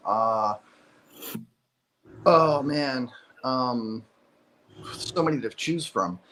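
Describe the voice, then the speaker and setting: A man's voice: medium pitch, drawn-out words, fairly bright tone, a little hiss or hum, rough recording. A man from Chicago, a comedian guest telling stories casually with lots of fillers and laughs. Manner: laughs often, many fillers. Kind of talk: casual storytelling.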